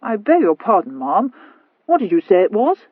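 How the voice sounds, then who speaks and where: A woman voicing a tipsy, stolid young Regency gentleman who speaks in slow, clipped, dogged phrases. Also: mid-range voice, big pitch swings, husky, dry recording, narrow, tinny audio, voice pushed up.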